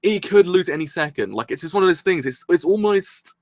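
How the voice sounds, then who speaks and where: Man, excitable, rambling, casual swearing, sore throat, slightly high voice, dry close sound. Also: fairly quick, no echo. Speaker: anime reviewer. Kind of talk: live reaction review. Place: his room at home.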